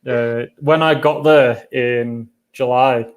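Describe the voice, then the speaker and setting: A man's voice: mid-range voice, steady tone, slow pace. A man chatting over a video call as a guest travel vlogger, telling rambling anecdotes in a casual way. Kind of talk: casual chat.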